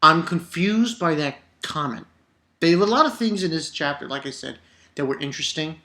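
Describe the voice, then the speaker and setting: Excitable swearing male comic reviewer. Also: on the high side, moderate pace. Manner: excitable, rambling, swears often. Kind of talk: casual comic review vlog.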